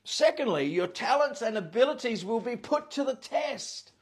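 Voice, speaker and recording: A man's voice: extremely high pitch, animated, moderate pace, husky. A man, preaching as a pastor with emphasis and repeating his key phrases. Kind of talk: sermon.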